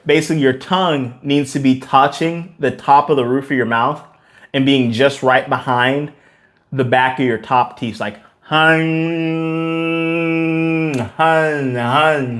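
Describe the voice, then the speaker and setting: A man teaching a vocal warm-up lesson, explaining exercises energetically and often checking in with "okay?". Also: mid-range voice. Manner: energetic, demonstrates vocal sounds between explanations. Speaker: vocal coach.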